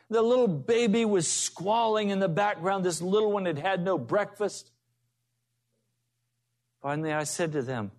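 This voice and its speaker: A man's voice: high-pitched, animated, slow pace. A man preaching a sermon as a pastor, telling folksy stories to make his point.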